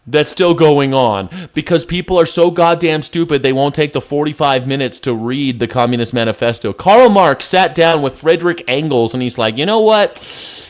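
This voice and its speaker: Sarcastic guy ranting about the news, lots of swearing, kinda high voice. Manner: sarcastic, profane, mocking. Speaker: host. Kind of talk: casual political commentary reacting to news clips.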